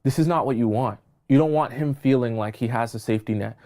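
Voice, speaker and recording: A man's voice: medium pitch, quick pace, warm tone. A male dating coach speaking on a livestream in an emphatic, insistent way. He hammers each point home, repeats himself and keeps asking "okay?" to make sure his viewers are following. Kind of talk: livestream advice talk.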